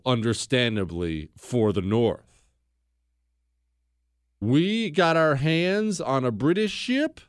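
A man's voice: medium pitch, no room sound, clean studio sound. A man hosting a podcast, telling history in a blunt, opinionated way, mocking people and acting out quotes. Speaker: podcast host.

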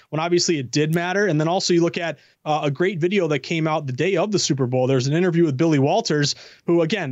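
A man's voice: on the high side, dry recording, highs cut off. A man, a sports betting analyst, talking eagerly and self-deprecatingly as a guest in a casual chat.

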